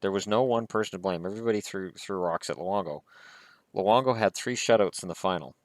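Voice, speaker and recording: A man's voice: sits low, fairly quick, no echo. A man vlogging about hockey, talking in a heated, blunt and profane way. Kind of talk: casual opinion rant.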